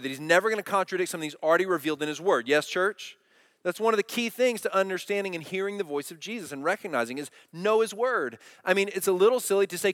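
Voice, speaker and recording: A man's voice: high voice, fairly bright tone, dry recording, clean studio sound. A middle-aged man preaching a sermon, earnest and direct, often asking the congregation questions. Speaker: pastor.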